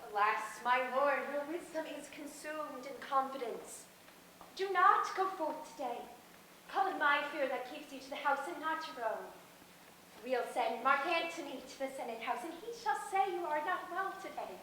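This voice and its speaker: A woman's voice: sits high, animated, normal speed, bright, forceful tone, a little hiss or hum. A woman playing Calpurnia, a fearful Roman wife urgently pleading in an outdoor stage play. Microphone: far camera. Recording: distant, echoey open-air stage recording.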